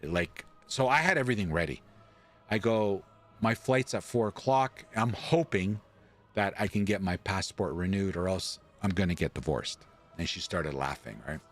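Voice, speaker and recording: Lively low-voiced man telling a story. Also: normal speed, faint music behind. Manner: animated, acts out quotes, swears casually. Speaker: streamer. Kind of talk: casual storytelling while gaming.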